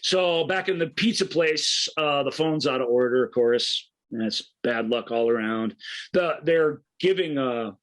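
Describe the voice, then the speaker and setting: A man's voice: medium pitch, a little slow, fairly bright tone, poor audio. Enthusiastic man recapping a film. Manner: enthusiastic, rambling retelling of scenes with frequent restarts. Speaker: film podcast co-host. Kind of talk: casual film discussion.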